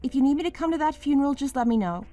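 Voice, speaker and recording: A woman's voice: high-pitched, lively intonation, very fast, dark tone, soft background music. A woman playing a young wife in a dramatized story, pleading and then accusing her partner.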